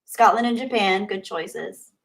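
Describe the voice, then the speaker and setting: A woman's voice: medium pitch, measured pace, creaky. A woman hosting a casual livestream, chatting and laughing as she reads viewer comments aloud. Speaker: livestream host. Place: home in Southern California.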